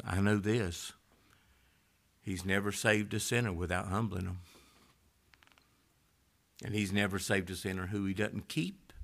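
Man preaching, low-pitched yet sharp and forceful, loud one moment and hushed the next. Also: creaky. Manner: swings from loud rising exhortation to hushed near-whisper. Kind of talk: sermon.

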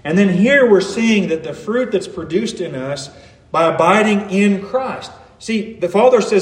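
A man's voice: sits high, expressive, moderate pace. Preaching man in an echoey room. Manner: earnest, rising and falling emphasis. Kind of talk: sermon.

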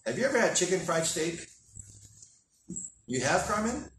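A man's voice: high voice, very animated, moderate pace, a bit bright, recorded from a distance, slight background noise. A man preaching, telling a folksy story full of quoted back-and-forth. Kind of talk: sermon storytelling. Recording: echoey room, from the mic.

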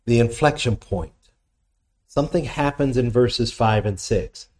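A man's voice: mid-range voice, a little slow, darkish tone. Male pastor, conversational sermon delivery, reads verses aloud then explains them, asks the congregation questions.

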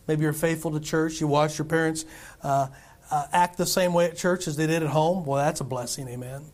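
In a church sanctuary, a middle-aged male pastor gives a sermon in a higher, slightly mellow voice. He preaches conversationally, putting rhetorical questions to the congregation.

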